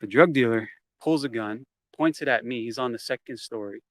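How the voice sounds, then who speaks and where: A man's voice: medium pitch, fairly quick, a bit bright. A man telling a story from his past in a casual interview. He swears freely and acts out the quoted lines as he goes. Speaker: interview guest.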